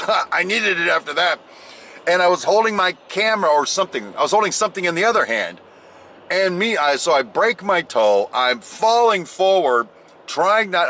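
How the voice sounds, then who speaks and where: An American vlogger, a man, tells a jokey story in a casual storytelling vlog, his voice a little high. He's animated and breaks into loud exclamations and mimicked voices, with slight background noise behind him.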